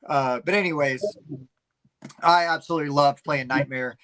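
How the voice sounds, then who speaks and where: Middle-aged man, podcast co-host, rambling stories, slightly high voice, bright tone. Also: normal speed, rough recording. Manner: rambling animated storytelling with many fillers. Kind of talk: casual chat.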